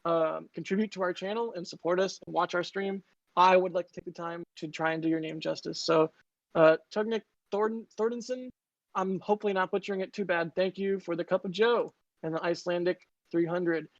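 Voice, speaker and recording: Brief: giggly, chatty stream co-host reading viewer messages, mid pitch, dull lo-fi dry mic. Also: steady tone, no room sound. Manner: giggly, chatty, quick asides. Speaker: livestream co-host. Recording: muffled lo-fi dry audio.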